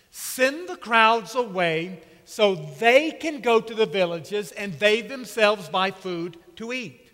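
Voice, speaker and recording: A man preaching a sermon with slow, emphatic delivery and dramatic pauses. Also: sits high, fairly bright tone. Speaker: pastor. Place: church sanctuary. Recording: long reverb of a church hall.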